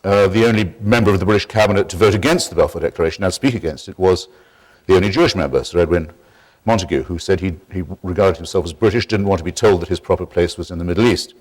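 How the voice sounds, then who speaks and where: Wry, measured man lecturing. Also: low voice. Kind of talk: public lecture.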